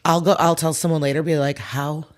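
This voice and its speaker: A woman's voice: low-pitched, level tone, quick pace. Woman comedian as a podcast guest, casual chat, frank and reflective. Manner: frank, reflective, restarts sentences.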